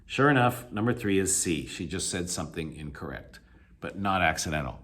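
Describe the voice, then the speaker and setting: A man's voice: deep voice, lively intonation, a little fast, fairly bright tone. A man teaching a recorded video lecture, explaining with many fillers and self-corrections and stressing key points. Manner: emphatic, encouraging. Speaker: English teacher.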